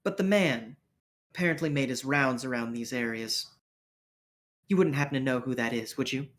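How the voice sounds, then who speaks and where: A man voicing a gaunt, pale, coldly menacing man in a tabletop role-playing game, probing in a smooth, quietly threatening way. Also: medium pitch, normal speed, lightly acted.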